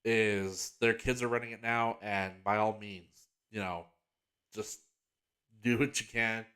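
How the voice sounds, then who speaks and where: A man's voice: fairly low pitch, fairly even intonation, slow, bright, forceful tone, clear, resonant tone. A man hosting his own podcast in a casual solo chat, rambling and enthusiastic, with lots of "like" fillers and restarts. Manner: gets emotional and earnest about a heartfelt topic. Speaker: podcast host.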